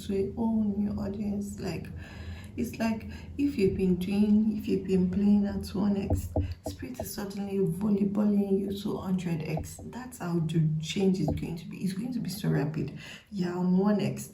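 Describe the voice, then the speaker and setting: Soft-whispering woman, gravelly and echoey. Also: mid-range voice, slight background noise. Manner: breathy half-whispered delivery, playful, chatty with many likes. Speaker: tarot reader. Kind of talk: intuitive reading to camera.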